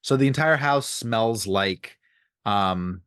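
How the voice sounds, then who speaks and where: A man co-hosting a podcast, recapping a TV episode in casual chat with deadpan jokes and quoted character lines. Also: fairly low pitch, slow, clear, resonant tone, dry recording, clean studio sound. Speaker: podcast co-host.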